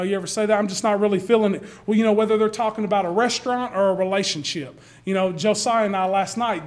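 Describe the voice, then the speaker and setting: A male pastor giving a conversational sermon, often repeating words as he starts a sentence. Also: high-pitched.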